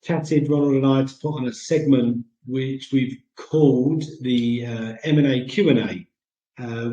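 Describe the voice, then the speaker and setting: British man hosting, mellow tone, hesitant and rambling, echoey room. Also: mid-range voice. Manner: rambling, many ums and uhs. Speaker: segment host. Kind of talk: casual chat.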